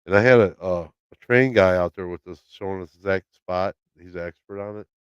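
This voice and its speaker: Speaking briskly in a deep, clear, resonant voice, a man on a casual home live stream, by his laundry room, tells a swear-laden story and performs the lines of its characters. The recording has no echo but sounds muffled.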